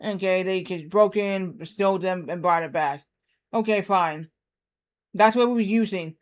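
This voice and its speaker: Guy streaming a game, kinda high voice, rambles and keeps repeating himself. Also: measured pace. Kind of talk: casual storytelling while gaming.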